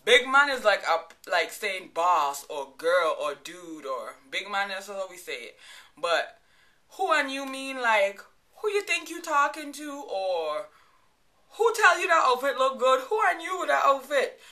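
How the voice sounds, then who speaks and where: A woman's voice: fairly high pitch, very animated, measured pace, bright, forceful tone. A woman in her thirties with a Virgin Islands accent, chatting playfully to camera and laughing often. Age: 30s. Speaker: vlogger. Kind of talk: casual chat to camera.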